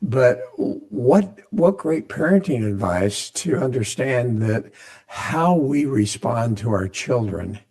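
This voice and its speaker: Gravelly-voiced man hosting a podcast. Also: mid-range voice, lively intonation, slow pace. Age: middle-aged. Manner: warm affirming, repeats words as he starts. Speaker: podcast host. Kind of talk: podcast interview conversation.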